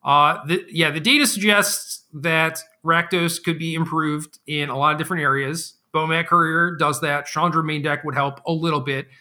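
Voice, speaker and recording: Man, casual podcast chat, slightly high voice, bright and tense, rambling, lots of fillers. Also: steady tone, moderate pace, hardly any pauses. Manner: laid-back, rambling with fillers. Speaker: podcast co-host.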